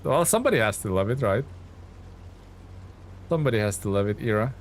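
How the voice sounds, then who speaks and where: A man's voice: on the low side, animated, brisk, slight background noise. Laughing, self-mocking male game streamer. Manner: chats with viewers while playing. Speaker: gaming streamer. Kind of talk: casual live game commentary.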